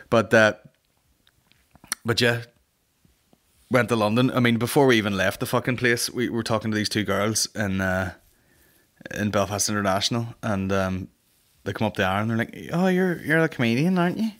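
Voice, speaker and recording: Comic host, young, low-pitched, crude, rambling anecdote style. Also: male voice, normal speed, pauses often. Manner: sweary, rambling, animated comic voices. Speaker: podcast host. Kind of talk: casual comedic storytelling.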